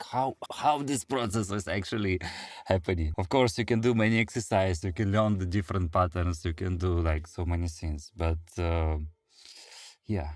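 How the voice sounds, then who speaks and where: A man with a Russian accent teaching handpan in a relaxed way, pausing often with fillers and chanting drum syllables. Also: low-pitched, dry recording. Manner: non-native English, hesitant fillers, vocalizes rhythms. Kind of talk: casual music lesson.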